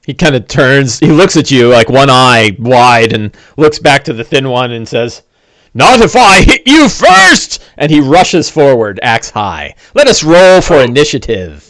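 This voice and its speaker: Animated man running a tabletop game. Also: mid-range voice, unhurried, few pauses, no room sound. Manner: animated storytelling with fillers and asides. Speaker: game master.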